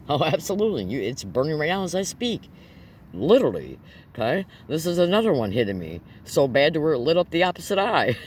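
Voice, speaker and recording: Speaking to camera in a voice on the high side, this man sounds agitated as he hurls rhetorical questions at his audience. Nervous laughter breaks into his emphatic monologue, with slight background noise in the recording.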